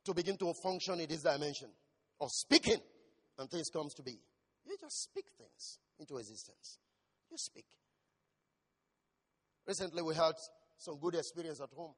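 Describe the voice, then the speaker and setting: Pastor, male, preaching voice with shouted peaks, high register, long hall echo. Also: very animated, moderate pace, pauses often, husky. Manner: asks the congregation questions. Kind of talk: sermon.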